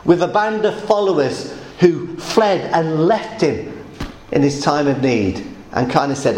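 A man preaching a sermon, explaining scripture step by step with emphatic, animated delivery. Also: fairly high pitch, measured pace, reverberant, slight background noise, low-quality recording.

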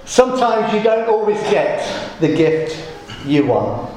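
Animated preacher in echoey church. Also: male voice, sits high, measured pace, a little hiss or hum. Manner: jokey, lively storytelling. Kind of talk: sermon.

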